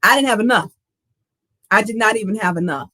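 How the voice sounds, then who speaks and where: A woman's voice: mid-range voice, brisk, pushed and bright, dry recording. A middle-aged woman hosting a livestream talk show, speaking earnestly and with emphasis from her own life and reading out viewer comments.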